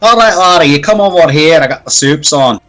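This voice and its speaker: A man's voice: fairly high pitch, expressive, brisk, fairly bright tone, faint music behind, pitched above the performer's own voice. A man voicing a hearty cook who calls people laddie, during a tabletop game.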